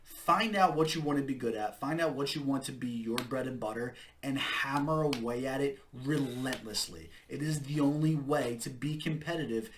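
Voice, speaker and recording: A man's voice: mid-range voice, normal speed, hardly any pauses, slight background noise. A man hosting a talk about marketing meetings, speaking casually with emphatic, punchy repetition.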